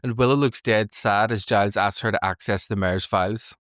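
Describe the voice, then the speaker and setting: Male podcast co-host, casual and animated, laughs often; dry close sound. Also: on the low side, fairly quick, clear, resonant tone, dry recording. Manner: lively recapping with frequent laughs and acted-out quotes. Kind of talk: casual reaction podcast chat.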